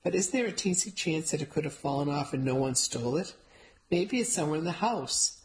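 A woman's voice: low-pitched, animated, brisk. A woman voicing a sensible young woman, the narrator's sister, in a storybook reading. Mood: reasonable.

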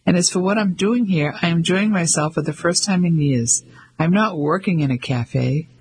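A man's voice: fairly high pitch, a little mellow, slightly rough, low-quality recording. A man doing a spirited middle-aged woman. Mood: warm. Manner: cheerful, brisk. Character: lively middle-aged Englishwoman, warm and spirited.

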